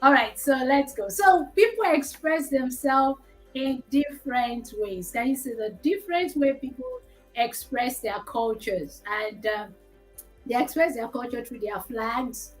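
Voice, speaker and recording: A woman's voice: high voice, expressive, unhurried, faint music behind, rough recording. A woman with a Nigerian accent hosting a casual educational discussion, explaining things in a chatty, joking way. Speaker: host.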